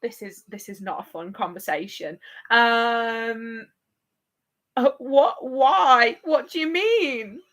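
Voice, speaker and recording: Slow-talking bright-voiced woman host. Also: on the high side. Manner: playful, laughs often, chatty with viewers. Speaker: livestream host. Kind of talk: casual chat on a live watch-along.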